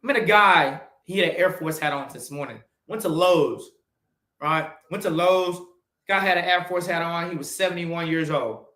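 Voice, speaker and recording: A man in his forties with a bright, forceful voice delivers a blunt, cursing motivational monologue. He swings between loud, pushy urging and low, quiet asides. The sound carries a roomy echo. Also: normal speed. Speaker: podcast host.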